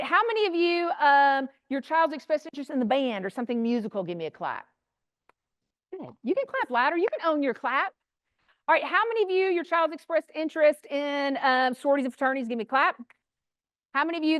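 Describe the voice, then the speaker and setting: A middle-aged woman giving a lively, blunt talk to a room of parents, chatty and animated, acting out quoted voices. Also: high-pitched, no echo, clean studio sound. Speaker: speaker addressing parents. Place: room with an audience.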